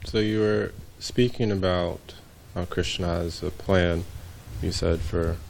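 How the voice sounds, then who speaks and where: A man in the audience asking a question in a hesitant, measured way, heard from a distance. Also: low voice, fairly even intonation, gravelly, a little mellow. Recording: distant voice with faint noise.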